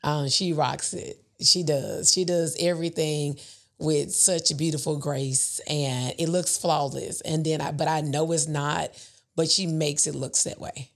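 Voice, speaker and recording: Woman guest, low voice with fry, earnest and chatty. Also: fairly even intonation, a little slow. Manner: earnest, laughs often. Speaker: guest, event business owner. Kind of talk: casual interview chat.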